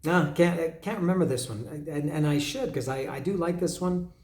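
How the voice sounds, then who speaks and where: A man's voice: fairly high pitch, moderate pace, a little mellow, echoey room. A man hosting a casual album review, musing with many hesitations and humming bits of melodies. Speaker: podcast host reviewing an album. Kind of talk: casual solo commentary.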